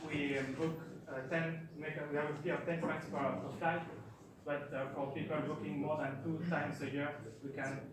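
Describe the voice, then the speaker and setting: A man's voice: a little high, level tone, normal speed, crowd noise. A man presenting his startup and answering questions, hesitant and groping for words. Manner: hesitant, many fillers and restarts. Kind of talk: pitch Q&A answers. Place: event hall. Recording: echoey hall, distant mic, clear background noise.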